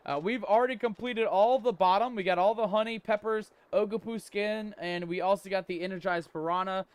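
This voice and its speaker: A man's voice: high-pitched, clean tone, no echo. A man hosting a live gameplay stream, chatty and upbeat, greeting viewers with pirate slang. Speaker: livestream host.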